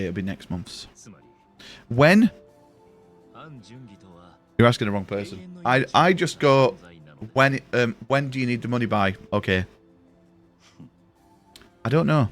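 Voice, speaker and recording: Rambling, swearing young male streamer. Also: medium pitch. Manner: rambling, swears freely, talks to chat. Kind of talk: casual live-stream chat. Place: home room.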